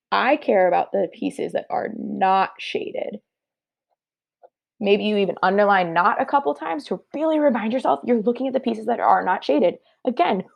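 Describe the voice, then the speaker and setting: A woman teacher leads young kids through a math review with an upbeat, encouraging tone, thinking each step out loud. Her voice sits at an ordinary pitch and carries a lot of vocal fry. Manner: upbeat, encouraging, talks through steps aloud. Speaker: third-grade teacher. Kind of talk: online math review lesson.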